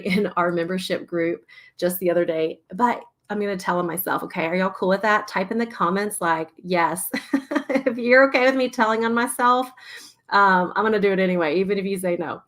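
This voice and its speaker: A woman's voice: medium pitch, a bit bright. A woman in her thirties, a play therapist, talking casually and animatedly to her viewers, often laughing. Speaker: registered play therapist and parenting host. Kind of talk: casual talk to a live audience.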